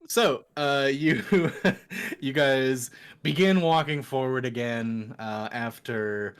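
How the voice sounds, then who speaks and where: A young man narrating as dungeon master in a casual tabletop game, halting and full of fillers. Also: medium pitch, smooth.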